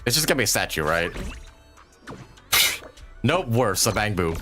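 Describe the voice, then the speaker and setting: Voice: medium pitch, big pitch swings, measured pace, fairly bright tone. A game streamer giving casual, laid-back commentary, cursing and laughing while reading along. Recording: game audio with faint music behind.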